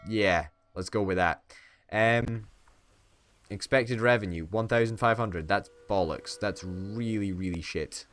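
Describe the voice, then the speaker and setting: A man's voice: on the low side, measured pace, fairly bright tone. A man giving playful, swearing let's-play commentary and hamming it up as a would-be dictator. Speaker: gaming YouTuber.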